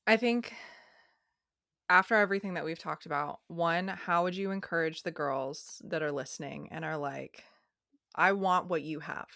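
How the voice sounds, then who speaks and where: A woman's voice: fairly low pitch, moderate pace, bright, forceful tone, no room sound, studio quality. A woman hosting a podcast, asking questions and agreeing in a supportive way. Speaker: podcast host. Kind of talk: casual podcast interview.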